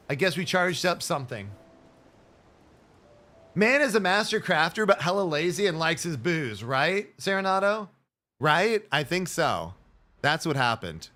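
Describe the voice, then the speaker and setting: A man streaming a game, giving excitable, jokey running commentary in casual chat. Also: a little high, normal speed, faint music behind.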